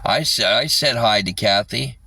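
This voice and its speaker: Slow, deep-voiced man rambling on a livestream. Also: gravelly, pushed and bright, breathy edge, distant mic. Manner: rambling, profane, halting with many fillers. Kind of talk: casual livestream chat.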